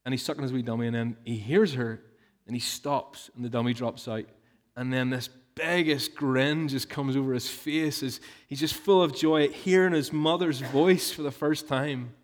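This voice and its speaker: A man's voice: medium pitch, fairly even intonation, normal speed. Earnest male preacher. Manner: earnest, emphatic preaching with rhetorical questions. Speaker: pastor. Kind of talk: sermon.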